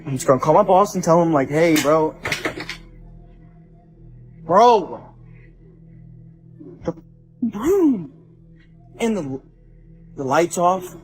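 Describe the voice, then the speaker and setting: A man's voice: fairly high pitch, big pitch swings, slow, long pauses, soft background music. A frightened young man, a night shift store clerk, filming himself on his phone inside a small shop, swearing and calling everyone bro. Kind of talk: self-filmed phone video. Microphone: handheld phone.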